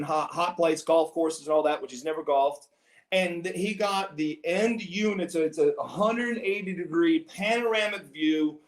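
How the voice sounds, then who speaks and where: A man telling long rambling stories in casual podcast banter, breaking into loud laughs. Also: high-pitched, roomy sound. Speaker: podcast guest.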